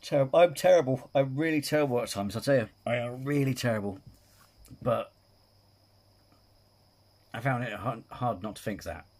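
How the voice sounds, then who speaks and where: A husky-voiced man riffs casually over spooky clips he's reacting to. He giggles at his own crude jokes and mocks himself, and his speaking pitch sits mid-range. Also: moderate pace, long pauses, a little mellow. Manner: chatty, giggly, self-mocking crude humour. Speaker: reaction video host.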